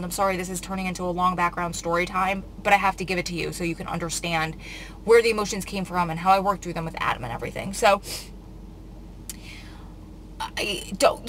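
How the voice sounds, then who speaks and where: Woman, bright tone, close to crying, confiding storytime vlog, faint background hum. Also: mid-range voice, poor audio. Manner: tearful, confiding, rambling retelling. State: on the verge of tears. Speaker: vlogger.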